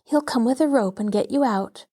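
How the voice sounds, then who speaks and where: A woman voicing a scared young girl who is trying to sound firm and calm. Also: on the high side, normal speed, natural voice.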